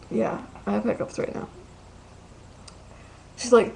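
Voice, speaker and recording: Chatty young woman with a gravelly voice. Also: mid-range voice, flat delivery, normal speed, long pauses, darkish tone, a little hiss or hum, low-quality recording. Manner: chatty, ranting, many likes and ums. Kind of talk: casual storytelling vlog.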